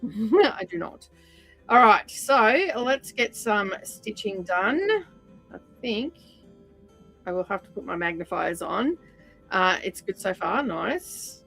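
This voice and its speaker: A woman's voice: medium pitch, lively intonation, measured pace, vocal fry, a bit bright, slightly rough, faint music behind, poor audio. A woman hosting a stitch-along livestream, chatting casually with many fillers and drifting from the mic while she sorts threads.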